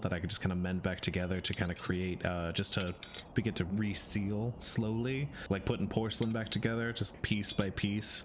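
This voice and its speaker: A man playing a tabletop game, calm and thinking out loud through his character's actions. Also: lowish voice, slight background noise. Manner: calm, thinks aloud with restarts. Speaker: player. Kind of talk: casual tabletop role-play.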